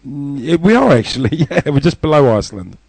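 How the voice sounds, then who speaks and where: A man's voice: on the high side, very animated, fairly quick, vocal fry, a little mellow, breathy edge, no room sound. Crude joking Southern English man. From Southern England. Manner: crude, joking, laughs often. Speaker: radio show co-host. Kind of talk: casual banter.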